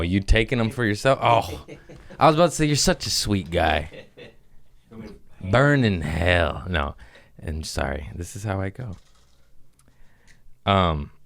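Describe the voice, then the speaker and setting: Deep-voiced man rambling on a podcast. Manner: rambling, profane, animated riffing. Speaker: podcast host. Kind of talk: casual comedic podcast chat.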